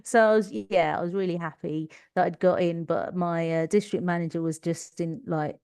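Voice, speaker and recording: A middle-aged woman with a Cockney accent talks through her own stories in an easy, chatty way and laughs often. Her voice sits fairly low, and it is recorded dry and close. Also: steady tone, moderate pace, a little mellow, smooth, dry recording. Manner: chatty storytelling with frequent laughter. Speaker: guest. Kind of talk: conversational interview.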